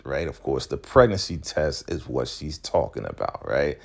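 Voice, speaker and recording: A man recapping a TV episode in a casual, slangy, chatty way, often acting out the characters' lines in quick quoted voices. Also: extremely low pitch, big pitch swings, creaky, slightly rough. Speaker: TV recap host.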